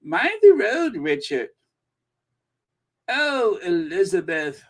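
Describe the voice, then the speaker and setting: Snobbish English matron, prim, affected, very high pitched. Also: male voice, very animated, takes it slowly, exaggerated voice. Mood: haughty.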